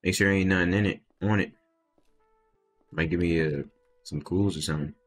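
A young man commentating a game in a casual way, reading the on-screen dialogue aloud and breaking into sudden loud outbursts. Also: sits low, steady tone, moderate pace, faint music behind. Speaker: gameplay video host.

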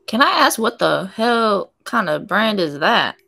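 A woman's voice: medium pitch, big pitch swings, unhurried, vocal fry, sharp tone, faint music behind. A woman chatting bluntly on a video call, swearing freely. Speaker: video chat stranger. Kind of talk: casual chat on video call.

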